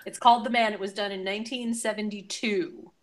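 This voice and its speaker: A woman's voice: mid-range voice, fairly even intonation, fairly quick. Female panelist, enthusiastic, casual conversational tone. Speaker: podcast panelist.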